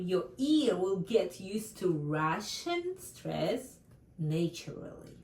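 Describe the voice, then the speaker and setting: Very slow woman teaching, roomy echo. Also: on the high side, darkish tone, far from the mic. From Central Asia. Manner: careful, repeats each example word twice. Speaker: Russian language teacher. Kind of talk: online language lesson. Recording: roomy echo, voice from away from the mic.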